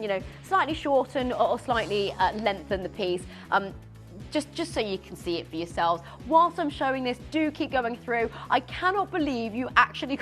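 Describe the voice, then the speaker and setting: Excitable woman selling jewellery on TV. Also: fairly high pitch. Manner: excitable, giggly, stumbling over words. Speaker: shopping channel presenter. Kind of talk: live TV sales presenting. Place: TV studio.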